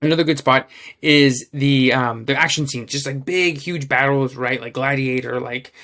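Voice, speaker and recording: A man's voice: mid-range voice, moderate pace, sharp tone. A man co-hosting a podcast in casual chat, rambling with many fillers and restarts, and swearing freely. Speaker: podcast co-host.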